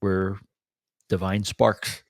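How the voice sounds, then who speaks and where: A man with a very low voice speaks reflectively about spiritual ideas. The sound is dry and close, with no room echo. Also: level tone, very slow. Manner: reflective and spiritual, with short affirmations. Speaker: podcast co-host. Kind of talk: casual conversation.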